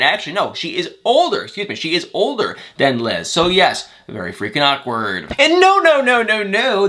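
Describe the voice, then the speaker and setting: A man hosts a celebrity gossip vlog in a bright, slightly high voice that rises and falls all the time. He rambles chattily, trips over names, corrects himself and laughs at his own mistakes. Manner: rambling, self-mocking gossip with slips and corrections. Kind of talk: casual chat.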